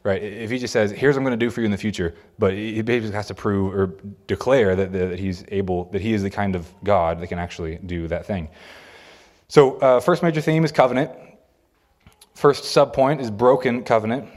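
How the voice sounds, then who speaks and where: Guy teaching a bible class, kinda low voice, keeps repeating the key points. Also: a little fast, a little mellow. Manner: repeats key phrases for emphasis; reads scripture aloud between explanations. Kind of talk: Bible lesson lecture.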